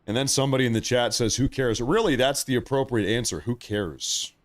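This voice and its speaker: A man's voice: mid-range voice, brisk. A man hosting a live news commentary stream, talking in a conversational and emphatic way that repeats points for effect.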